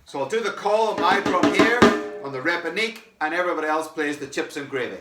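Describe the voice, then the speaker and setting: A man's voice: on the high side, quick pace, over loud music. A man teaching a samba percussion lesson online, chanting the rhythm phrases and talking with fillers and restarts. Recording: echoey room, mic some distance away.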